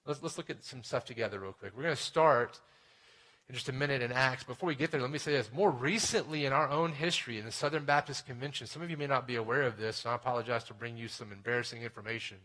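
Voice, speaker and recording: A man preaching a sermon in a conversational way, often asking "right?" and dropping to a hushed tone for serious points. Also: mid-range voice, fast. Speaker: pastor.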